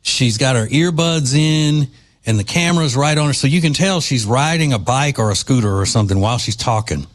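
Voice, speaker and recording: A man's voice: medium pitch, expressive, fairly quick. A man hosting a commentary podcast, talking in a chatty, sarcastic, mocking way about a clip he plays. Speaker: podcast host.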